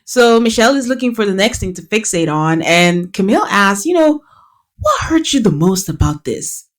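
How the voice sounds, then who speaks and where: A woman hosting a podcast, recapping casually in a lively way, acting out quotes and laughing often. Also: mid-range voice, moderate pace. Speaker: podcast host.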